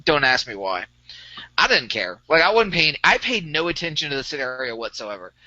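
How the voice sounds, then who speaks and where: A man's voice: a little high, big pitch swings, brisk, bright, forceful tone, no room sound, highs cut off. A young man on a podcast, chatting casually and rambling through a gaming story with many fillers. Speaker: podcast co-host. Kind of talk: casual chat about tabletop games.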